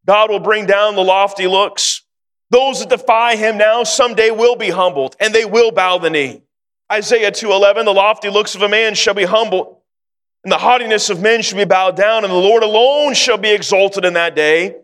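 A male preacher with a notably high voice delivers a sermon, moving from an earnest personal story to fervent exhortation. His words ring out with a long hall reverb trailing behind them. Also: normal speed, fairly bright tone.

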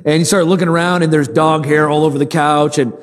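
A man with a high-pitched voice preaches to his congregation, asking them questions and pausing for their replies. He repeats key lines for emphasis, and his voice rings out with a long hall reverb. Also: steady tone. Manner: call-and-response with the congregation. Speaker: pastor. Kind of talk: sermon.

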